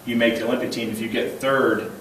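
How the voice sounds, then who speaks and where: A man's voice: medium pitch, fast talker. A man in his thirties gives a light, humorous speech at a banquet and tells personal stories with plenty of chuckles. He restarts his sentences often, and his voice sounds distant and washed in heavy reverb from a large hall. A faint hum of room noise sits underneath. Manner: animated, chuckling often, repeats words when starting a thought. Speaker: banquet keynote speaker. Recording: very echoey hall, voice heard from a distance.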